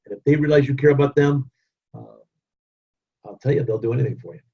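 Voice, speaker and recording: A man giving a keynote motivational leadership webinar talk, energetic, running through repeated lists and acting out what people say. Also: mid-range voice, fast, vocal fry. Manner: energetic, repetitive lists, acts out quotes. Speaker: keynote speaker. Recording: dull lo-fi webinar audio.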